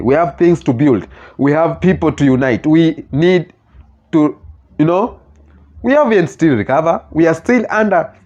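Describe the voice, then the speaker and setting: A man with a Kenyan accent hosting his own channel, talking earnestly in halting phrases and often restarting mid-sentence as he reacts to comments. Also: a little high, darkish tone. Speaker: channel host. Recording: slightly muffled lo-fi recording.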